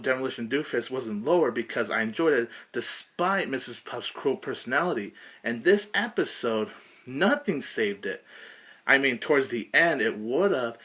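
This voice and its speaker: Slow, frustrated man ranting in a review. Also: medium pitch, bright, forceful tone. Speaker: episode reviewer. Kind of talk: cartoon episode review rant.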